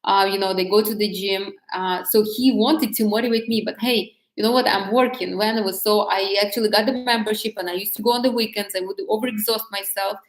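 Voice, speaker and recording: A woman's voice: mid-range voice, fairly even intonation, brisk, few pauses, reverberant. A woman talking candidly to camera about dating, chatty, with frequent restarts and light laughs. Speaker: vlogger giving dating advice. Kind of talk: casual talk to camera.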